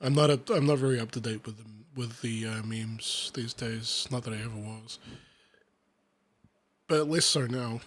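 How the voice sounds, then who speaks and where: A man in his thirties reads a picture book aloud at normal speed in a medium-pitched voice. It's casual, with frequent rambling, sweary, self-deprecating asides.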